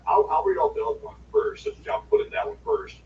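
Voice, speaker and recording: A man's voice: extremely high pitch, huge pitch swings, fast. Sniffly man, rambling chat. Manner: rambling, chatty, many fillers. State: sniffly and groggy. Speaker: livestream co-host reading viewer questions. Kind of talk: casual news chat. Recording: echoey room, far from mic, muffled, faint hiss.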